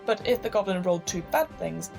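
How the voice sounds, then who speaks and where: A woman reading out the rules of a tabletop game in a steady, explanatory way. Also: on the low side, a little fast, over music. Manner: steady, clear rule explanation.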